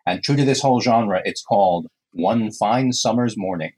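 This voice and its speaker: Husky, low-voiced male co-host. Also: normal speed, darkish tone, low-quality recording. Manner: enthusiastic, explanatory. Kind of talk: casual podcast talk about folk songs.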